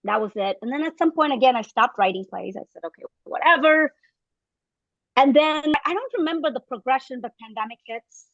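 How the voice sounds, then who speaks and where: A woman's voice: sits high, expressive, fast, hardly any pauses, no echo, dull audio. A woman in her fifties, a podcast guest telling her story in casual conversation and acting out the voices of the people she quotes. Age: 50s.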